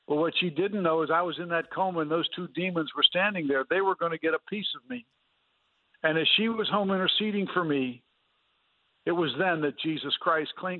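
A man's voice: a little high, no echo. A man earnestly telling his personal testimony as a guest in a radio interview, with fillers and restarts. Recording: dry, phone-like radio line.

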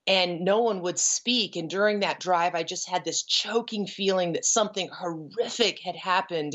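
A middle-aged woman giving an earnest, emotional personal testimony as a guest, pausing and restarting as she tells her story. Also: on the low side. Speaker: guest, ranch founder. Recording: dull lo-fi audio.

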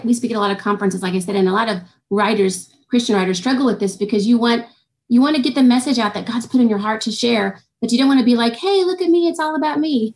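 Fast-talking, animated woman telling her story. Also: on the high side. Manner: animated storytelling, acts out quoted voices. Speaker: guest author. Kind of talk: testimony in an interview.

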